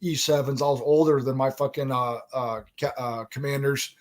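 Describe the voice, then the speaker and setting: A man's voice: medium pitch, steady tone, moderate pace. Emphatic profane man hosting a chat. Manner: profane, emphatic, addresses the audience. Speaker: host. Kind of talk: casual chat.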